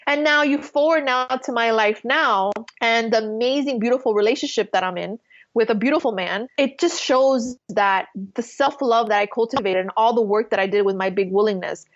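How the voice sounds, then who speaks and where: Podcast guest, woman, somewhat high voice; heartfelt, rambling spiritual storyteller, muffled lo-fi sound. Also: normal speed. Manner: earnest, emotional, spiritual storytelling with many fillers. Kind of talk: casual interview storytelling.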